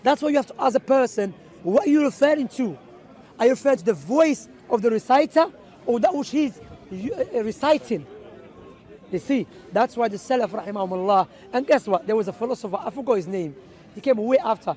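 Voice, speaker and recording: High-pitched emphatic man preaching outdoors. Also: expressive, brisk, darkish tone, a faint crowd. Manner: emphatic, asks rhetorical questions. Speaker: Islamic preacher. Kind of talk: outdoor street talk on theology. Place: outdoors in a city.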